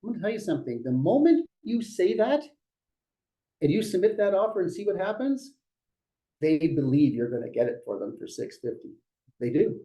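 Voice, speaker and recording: A middle-aged man leading a real estate team meeting, talking in a lively, joking way and acting out what clients say. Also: high-pitched, moderate pace, rough recording. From Dutch family. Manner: lively, jokey, acts out clients' voices. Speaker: brokerage leader running a team meeting. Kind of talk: motivational meeting talk.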